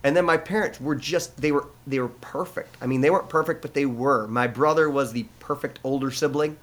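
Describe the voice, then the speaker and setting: A middle-aged American man, speaking with a pastor's earnestness, recounts his own story in an interview. His ordinary mid-range voice is brisk and a little bright, and his conversational delivery is full of fillers and frequent restarts of thoughts.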